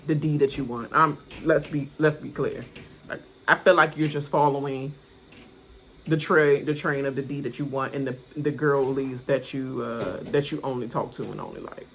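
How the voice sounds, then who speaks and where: Lively, bright-voiced woman reacting. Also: low voice, a little hiss or hum. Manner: animated, laughing, mimics cast members with loud yelled names. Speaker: reaction video host. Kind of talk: casual reality TV reaction commentary.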